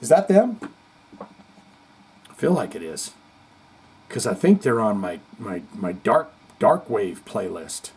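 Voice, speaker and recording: A man's voice: on the low side, sing-song, takes it slowly, long pauses, a little mellow, husky, poor audio. A man hosting a casual podcast, reading viewer comments aloud with chatty, rambling asides. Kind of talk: casual chat.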